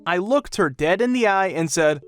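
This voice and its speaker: A man narrating a string of funny anecdotes in an even, read-aloud storytelling way. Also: sits high, moderate pace, clear, resonant tone, soft background music. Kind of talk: reading online anecdotes aloud.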